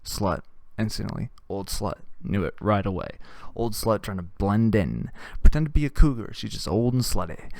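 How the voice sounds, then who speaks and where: A man hosting a comedy show, telling a crude, rambling story with deadpan delivery. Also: on the low side, moderate pace, few pauses, no echo.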